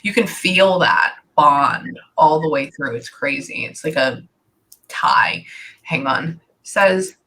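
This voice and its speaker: A woman's voice: low-pitched, slow, sharp tone, husky. A woman working as a psychic medium, giving a casual spirit reading and rambling with lots of "like". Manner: rambling, heavy use of "like".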